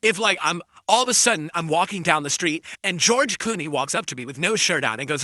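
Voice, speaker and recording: A man's voice: on the high side, expressive, a little fast, few pauses, bright, forceful tone, no room sound, clean studio sound. A man streaming live, ranting defensively at his critics and insulting them.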